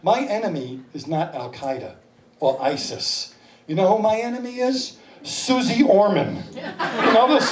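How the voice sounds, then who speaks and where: A man in his fifties performs stand-up on a small comedy club stage, slipping into exaggerated voices. His voice is high and a little slow, recorded from a distance in an echoey club with the audience laughing.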